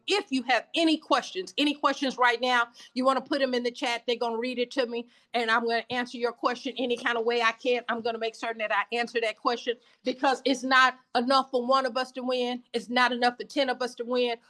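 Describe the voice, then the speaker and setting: A woman's voice: a little high, little pitch movement, quick pace, few pauses, sharp tone. A middle-aged woman giving an emphatic, repetitive, preacher-like sales training talk on a video call.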